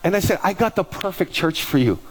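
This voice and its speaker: Male pastor, lively storyteller, slightly higher voice, plays every part in his anecdotes. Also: brisk, breathy edge. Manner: animated, acts out both sides of conversations. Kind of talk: storytelling sermon.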